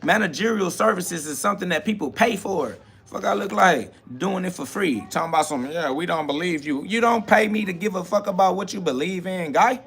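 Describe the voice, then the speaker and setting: This man's voice is high-pitched, husky, expressive, fairly quick and a bit bright. Hosting a live stream, he preaches casually with swagger and slang, answering comments from the chat.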